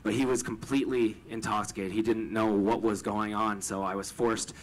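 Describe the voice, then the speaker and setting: A man's voice: lowish voice, fairly even intonation, moderate pace, rough recording. A man telling a personal story with a lot of stammering repetition, retelling it with emotion.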